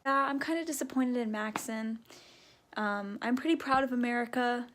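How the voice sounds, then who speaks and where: A woman's voice: a little high, moderate pace. A young woman vlogging her reactions to a book series, talking dramatically and gushing or ranting in casual chat. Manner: animated and dramatic, gushing and ranting about characters. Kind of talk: casual reading-reaction vlog.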